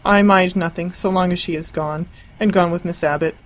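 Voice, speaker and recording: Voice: medium pitch, steady tone, brisk, fairly bright tone, lightly acted, rough recording. Prim disapproving older lady as read by a narrator, proper, correcting.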